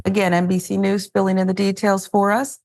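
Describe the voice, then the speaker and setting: A woman's voice: medium pitch, level tone, a little fast, creaky, a little mellow. A woman hosting a news commentary show, reading headlines casually with wry, joking asides.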